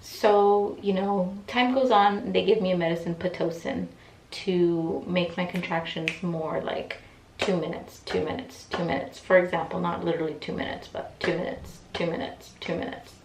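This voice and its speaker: A young woman telling a personal story in a casual, animated way, acting out what people said. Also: lowish voice, normal speed, a little hiss or hum. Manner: chatty, animated retelling with quoted voices. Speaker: vlogger. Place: room at home, in pajamas. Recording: echoey room, mic set back.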